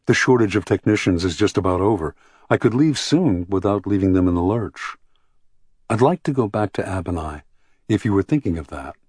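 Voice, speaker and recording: Brief: a man doing a gentle, weary mother, low husky tone, dry studio sound. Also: expressive, brisk, no echo. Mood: plain. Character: calm adult woman, a tired mother.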